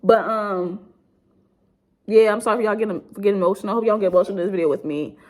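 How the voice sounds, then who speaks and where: Speaking very fast in a mid-range, slightly mellow voice, a young YouTuber talks to her viewers in an emotional storytime vlog. She is grieving and subdued, rambling with heavy use of "like," blunt and swearing.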